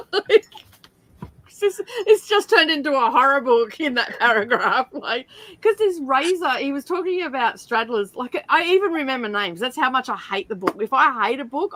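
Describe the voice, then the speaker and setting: A middle-aged Australian woman hosting a reading stream, telling animated stories in casual chat and often breaking into laughter. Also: sits high, normal speed.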